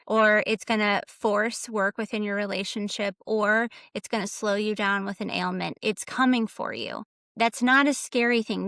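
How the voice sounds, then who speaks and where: Emphatic higher-voiced woman podcast guest. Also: fairly bright tone, no room sound, studio quality. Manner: earnest and emphatic, building lists of repeated phrases. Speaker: guest, psychedelic coach. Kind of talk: casual podcast conversation.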